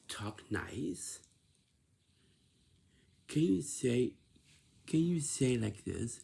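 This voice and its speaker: A man's voice: mid-range voice, sing-song, very slow, gravelly, long pauses, dark tone, breathy edge. A man giving a repetitive, lecturing instructional talk, often checking in with "right?".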